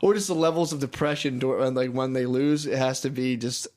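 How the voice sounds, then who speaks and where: Profane laughing young podcast host. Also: male voice, mid-range voice, steady tone, brisk, a little mellow. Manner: profane, joking, laughs often. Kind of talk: casual crude chat.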